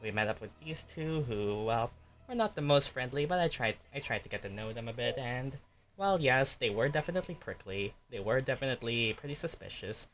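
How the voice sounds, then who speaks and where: A man playing a tabletop game, giving a heartfelt in-character speech with halting pauses. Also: medium pitch, animated, fairly bright tone, faint music behind. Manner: earnest, halting.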